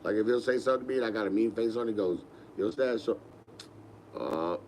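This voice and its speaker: A man's voice: lowish voice, racing, a little mellow, slight background noise, poor audio. Laid-back New man telling stories. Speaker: podcast host. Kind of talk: casual storytelling.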